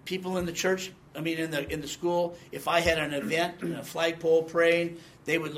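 A man's voice: a little high, flat delivery, normal speed, few pauses, a bit bright. A man in his sixties giving a conversational Bible teaching, quizzing the class and reading scripture with emphasis. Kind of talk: teaching sermon with audience questions.

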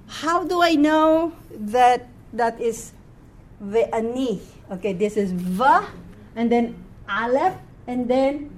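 A woman teaching a Hebrew class, explaining words patiently and repeating them slowly for her students. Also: a little high, a little mellow. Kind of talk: classroom lesson.

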